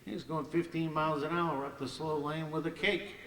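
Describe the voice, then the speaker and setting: An older man telling lively anecdotes at a ceremony on a banquet hall stage and acting out the voices of others, in an echoey hall heard from far off. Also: fairly high pitch, moderate pace, slight background noise. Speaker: hall of fame ceremony speaker. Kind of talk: anecdotal after-dinner storytelling.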